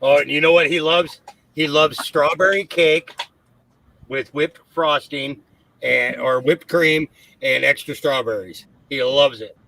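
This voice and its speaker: A man's voice: fairly high pitch, fairly even intonation, a little slow, vocal fry, pushed and bright, poor audio. A man on a casual livestream chat who coos and baby-talks to his dog. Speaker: livestream guest.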